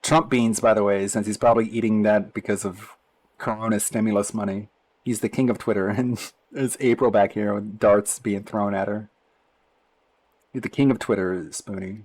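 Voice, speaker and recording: A lowish male voice with a sarcastic, mocking edge as he reacts to posts on a live stream. He keeps a casual commentary going and breaks into laughs between remarks. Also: fairly even intonation, moderate pace, long pauses, a little mellow, low-quality recording.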